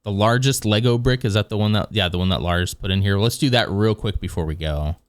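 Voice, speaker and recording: A man with a lowish voice talks briskly during a live stream, recorded with a clean tone, studio quality, and no echo. He rambles casually, reacts to videos, reads chat aloud, and keeps correcting himself.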